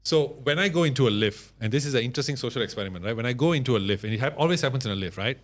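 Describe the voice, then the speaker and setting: A man's voice: medium pitch, animated, rapid-fire. A man hosting an interview, with dry, teasing humour. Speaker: podcast host. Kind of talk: casual interview chat.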